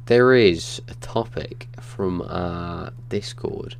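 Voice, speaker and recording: A man's voice: deep voice, slow, gravelly, a little hiss or hum. A young man co-hosting a gaming podcast, blunt, sweary and teasing in casual chat. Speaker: podcast co-host.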